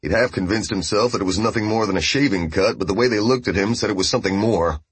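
A man reading a novel aloud as narrator, in a steady storytelling voice. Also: fairly low pitch, quick pace, slightly rough, no room sound. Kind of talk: scripted audiobook narration.

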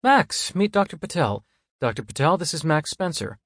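A man voicing a young female hospital director in a bright, lilting manner. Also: on the high side, big pitch swings, moderate pace, no room sound, clean studio sound, pitched above the performer's own voice. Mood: warm. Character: young woman hospital director, friendly, eager.

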